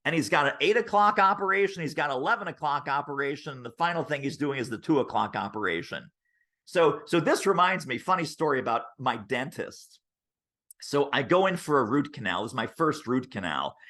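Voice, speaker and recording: A man being interviewed over a video call as a sales author, telling stories and acting out quotes. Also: medium pitch. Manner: animated, acts out quotes. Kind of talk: interview guest, storytelling.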